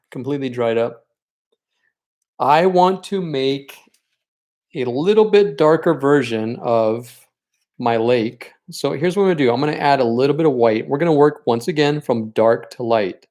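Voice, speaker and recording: A man leads a live-streamed painting lesson at a relaxed, talkative clip. He encourages his viewers as he works through each step and gets openly sentimental about the students he misses. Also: mid-range voice. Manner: chatty and encouraging, talks while working. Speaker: art teacher leading a paint night.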